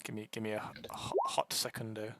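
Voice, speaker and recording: A young man narrating a tabletop game as game master, halting with many restarts. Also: lowish voice, little pitch movement, a bit bright, no room sound.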